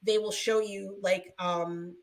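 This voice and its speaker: A woman's voice: mid-range voice, fairly even intonation, takes it slowly. A young woman co-hosting a podcast, chatting casually and rambling with many fillers. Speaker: podcast co-host. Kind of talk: casual chat.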